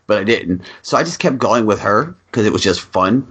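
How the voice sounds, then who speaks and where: A man co-hosting a podcast, telling an animated story in casual chat and acting out a phone call, swearing freely. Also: fairly low pitch, a little fast, few pauses, husky. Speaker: podcast co-host.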